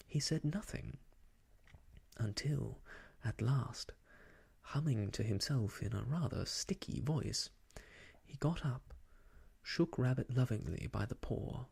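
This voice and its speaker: A storyteller reading an old children's book aloud in whispered role-play, slow and soft. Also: medium pitch, creaky, breathy edge.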